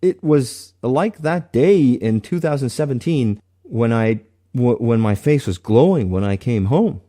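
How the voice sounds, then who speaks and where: A man sharing a personal faith testimony in an earnest, halting way, often restarting his sentences. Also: medium pitch, animated, warm tone.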